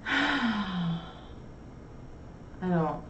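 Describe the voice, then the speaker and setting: Hosting a casual talk show, a young New Yorker chats frankly, her humor crude and self-deprecating. Her voice is a little high, buried in heavy background noise. It's heard from far off, with a roomy echo.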